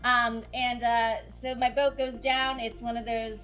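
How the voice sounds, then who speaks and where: A woman playing a tabletop game, talking casually and haltingly. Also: on the high side, flat delivery, fairly bright tone, faint music behind, rough recording. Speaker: player.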